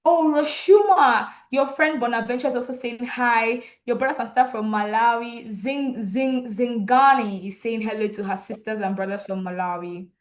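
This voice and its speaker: A woman's voice: on the high side, normal speed, hardly any pauses. A woman hosting an online graduation ceremony over a video call, enthusiastically reading out viewers' comments and names. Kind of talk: lively live-stream hosting.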